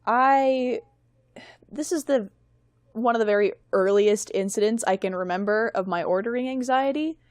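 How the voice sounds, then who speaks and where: A woman's voice: fairly high pitch, normal speed, a little mellow, no echo. Young woman guest, self-mocking storyteller, rambling podcast chat, dry close sound.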